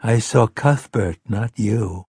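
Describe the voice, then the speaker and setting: A man's voice: fairly low pitch, slow, darkish tone, slightly rough, dry recording, clean studio sound. A man doing a hypnotized man gone childlike. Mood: dazed. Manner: dazed, then small, trembling and childlike. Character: hypnotized grown man regressing into a frightened seven-year-old boy. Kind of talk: audiobook character voice.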